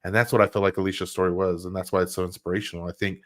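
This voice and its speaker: A man's voice: sits low, little pitch movement, racing, a bit bright. A man hosting a podcast livestream, chatting casually with an upbeat, rambling, enthusiastic manner. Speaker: podcast host.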